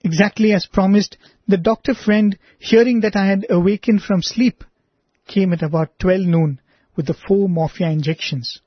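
A man reading a personal testimony aloud in an earnest, measured way, then speaking reflectively to listeners as a presenter. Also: sits high, fairly even intonation, no echo. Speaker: devotional radio presenter. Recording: dry, slightly dull lo-fi recording.

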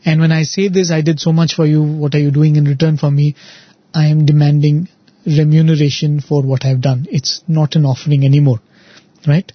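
Husky-voiced man giving a spiritual talk. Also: a little high, level tone, a little fast, dry recording, dull audio. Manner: storytelling with frequent "right?" and "you know". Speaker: devotional speaker.

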